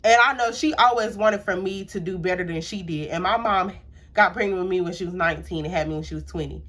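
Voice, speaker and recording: A woman's voice: fairly low pitch, quick pace. A young woman, telling a personal story in a casual storytime vlog, talking with lots of fillers and acting out quotes. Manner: casual and animated, with frequent fillers and acted-out quotes. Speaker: YouTuber.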